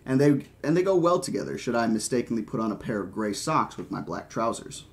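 Give me a man reading a talkative, lecturing mathematician, mid-pitched and dry. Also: sing-song, brisk. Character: wry, opinionated male mathematician.

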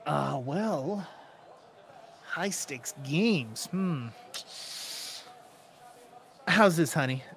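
A man's voice: a little high, lively intonation, very slow, gravelly, long pauses, a bit bright, full character voice. A man voicing a sleazy, flirtatious male gambler in a tabletop game, with smarmy drawling come-ons.

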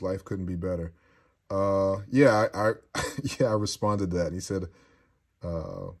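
Deep-voiced crude joking man. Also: a little mellow. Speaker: host reading viewer comments. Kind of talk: casual livestream chat.

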